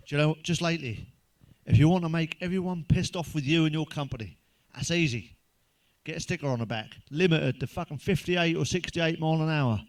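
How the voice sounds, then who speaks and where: A middle-aged man tells crude jokes in a blunt monologue. His voice sits slightly high for a man, and he swears constantly as he works through the bits. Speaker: stand-up comedian. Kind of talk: crude joke-telling monologue.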